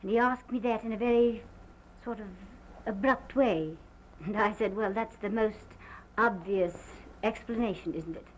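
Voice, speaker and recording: An actress as a shaken planter's wife. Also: female voice, medium pitch, natural voice. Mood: tense. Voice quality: halting, breathless and theatrical. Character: distraught planter's wife recounting a shooting. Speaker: witness giving a statement. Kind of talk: early sound film acting. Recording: muffled 1929 film sound with faint hiss.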